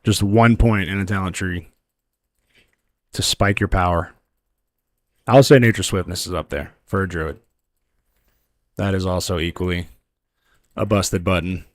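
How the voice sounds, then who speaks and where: Male game streamer, easygoing chat, lowish voice, dry close recording. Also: a little slow, pauses often, no room sound. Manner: relaxed, talks to chat while playing; yells with excitement at lucky loot drops. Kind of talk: casual gameplay livestream chat.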